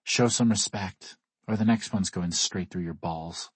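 A man's voice: sits low, a little slow, husky, dry recording. A man voicing a fierce, skeptical young woman archer who speaks sharply and defiantly in an audiobook.

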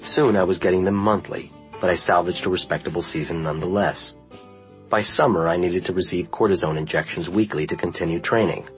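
A man narrating a first-person memoir in a measured, earnest reading style. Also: low-pitched, soft background music, poor audio. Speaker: audiobook narrator.

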